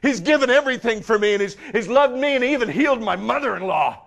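A male preacher voicing a disciple who cries out in high, strained anguish over his own failure. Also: lively intonation, fast talker, vocal fry, exaggerated voice. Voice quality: high, strained, near shouting.

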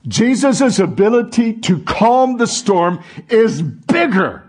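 A man's voice: sits high, very animated, slow. A man preaching a sermon to a congregation, asking the room call-and-response questions. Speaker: pastor.

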